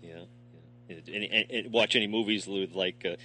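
A man hosting a radio interview, asking friendly, quick follow-up questions. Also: fairly low pitch, sharp tone, faint music behind. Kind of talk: conversational interview.

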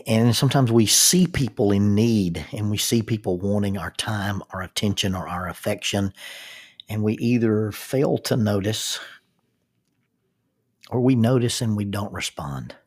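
A man's voice: fairly low pitch, unhurried, darkish tone. A man giving a reflective spoken talk, thoughtful, with frequent restarts and rhetorical questions.

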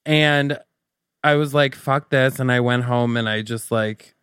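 A man co-hosting a casual podcast, rambling through his stories with plenty of fillers. His voice is smooth and clear, and it sits at a middle pitch. It is recorded dry and close. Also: fairly even intonation, unhurried, a bit bright, no room sound. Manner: rambling, filler-heavy storytelling. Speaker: podcast co-host. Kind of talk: casual chat.

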